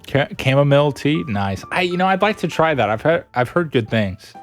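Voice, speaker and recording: A man's voice: a little high, moderate pace, faint music behind. A young adult man streaming, chatting casually with viewers, giggling a lot. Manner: giggly, laughs a lot, animated. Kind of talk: casual chat reading viewer messages.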